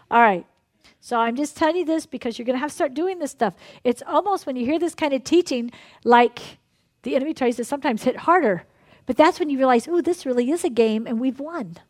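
Female pastor, slightly high-pitched; conversational sermon with frequent laughs, softer when leading prayer. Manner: lively, laughing often, conversational preaching; drops to a soft, hushed tone in prayer. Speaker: pastor leading a ministry night.

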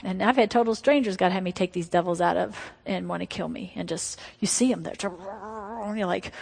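A middle-aged woman preaching a testimony sermon. She tells her story emphatically, sometimes dropping to hushed tones. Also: lowish voice, a little fast, gravelly, slightly rough. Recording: long hall reverb.

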